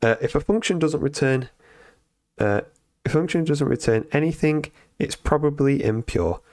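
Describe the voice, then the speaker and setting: A man's voice: a little high, normal speed, a little mellow, no room sound. Man, live coding stream, reads lessons aloud, fillers and self-corrections, dry close sound. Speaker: streamer learning to code.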